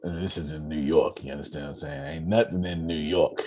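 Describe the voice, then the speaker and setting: Speaking a little fast in a rumbling low voice, a man runs an online meeting about personal finance. His casual teaching is animated and jokey, with frequent restarts and listeners being called on.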